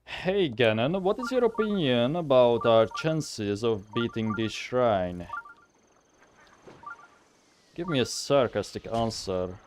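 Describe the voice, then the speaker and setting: A man's voice: mid-range voice, lively intonation, takes it slowly, slight background noise. A young man streaming a game, chatting casually and thinking aloud as he rambles with fillers. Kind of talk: casual live game commentary.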